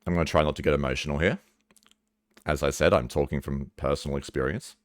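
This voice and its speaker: A man's voice: a bass voice, fairly even intonation, fast, dry recording, clean studio sound. A man talking earnestly and casually to camera about a personal topic, swearing now and then. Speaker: vlogger. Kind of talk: candid personal talk to camera.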